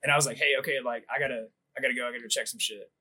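A man's voice: medium pitch, fairly even intonation, very fast, sharp tone. A man in his thirties on a comedy podcast, telling a crude story in a rambling way, laughing often and leaning on filler words. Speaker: podcast co-host.

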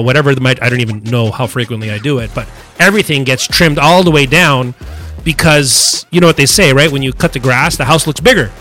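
A man's voice: mid-range voice, sharp tone. A man co-hosting a casual podcast, talking in a crude, rambling way with heavy swearing. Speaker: podcast co-host.

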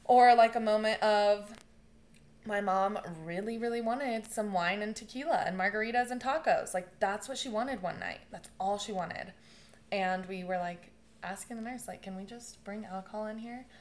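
A young woman in a casual conversation, telling stories with lively bursts of laughter and swearing. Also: mid-range voice, moderate pace. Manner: animated storytelling, laughing often, swearing. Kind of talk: casual chat.

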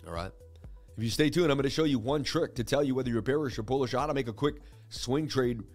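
A man's voice: medium pitch, quick pace, faint music behind. A man hosting a casual market-analysis livestream, rambling in a conversational, self-assured teaching way. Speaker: host.

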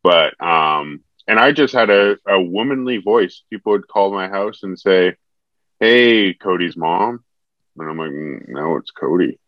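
A young man co-hosting a podcast, chatting casually and joking in a deadpan way. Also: deep voice, a little slow, dry recording. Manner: deadpan, dry jokes. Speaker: podcast co-host. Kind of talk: casual chat. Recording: dull, muffled dry sound.

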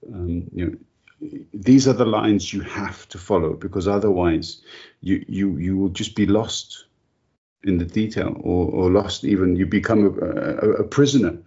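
A male interviewer with a very low, husky voice. He asks long, eager questions and stumbles over repeated words. The recording is dull and lo-fi. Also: warm tone.

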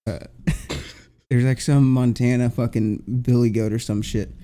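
Wisecracking man with a mellow voice. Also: mid-range voice, steady tone, a little slow. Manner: wisecracking, blunt, swears a lot. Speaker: podcast co-host. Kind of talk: casual chat.

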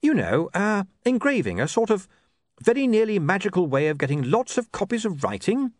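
A man's voice: high-pitched, big pitch swings, moderate pace, no echo, studio quality, voice pushed up. A man voicing an earnest, flustered young writer who talks politely and hesitantly. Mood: explaining.

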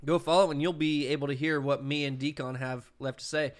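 A man's voice: on the high side, steady tone, brisk. Profane, easygoing podcast host man. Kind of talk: casual chat. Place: podcast room with a computer table.

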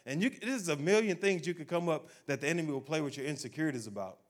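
A man preaching a sermon, speaking directly to his congregation and acting out people's doubts in a low, quiet voice. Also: fast talker, hardly any pauses. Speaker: pastor.

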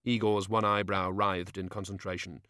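A man's voice: low voice, dry recording. Man narrating an audiobook, dry sound. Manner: measured, expressive reading.

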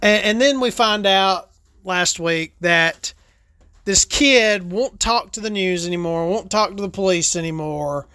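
A woman hosts a loose, meandering monologue, swearing often and pausing to smoke and sip a drink. Her voice is bright and pointed and sits in a mid register. The recording is dry, with no room sound. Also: mid-range voice, no room sound. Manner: rambling, profane, laid-back storytelling; smoking and sipping between topics. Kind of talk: casual monologue.

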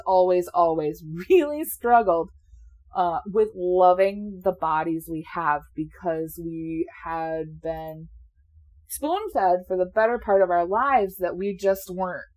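A woman's voice: on the low side, slow. Chatty, candid woman in her late twenties. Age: 20s. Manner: chatty, candid, swears casually, laughs often. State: sleepy, yawning. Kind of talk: casual chat.

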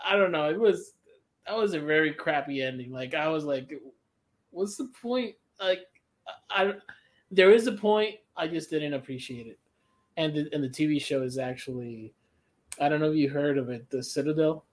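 A man's voice: fairly high pitch, moderate pace. A man co-hosting a podcast, casually retelling film endings and acting out the characters' lines. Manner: laughs while retelling plots, acts out characters' lines. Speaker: podcast co-host.

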